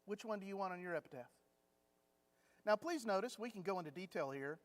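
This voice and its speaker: A man's voice: sits high, expressive, fairly quick. A man teaching a conversational Bible class, telling anecdotes with humor in a chatty storytelling way. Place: church classroom. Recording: long hall reverb.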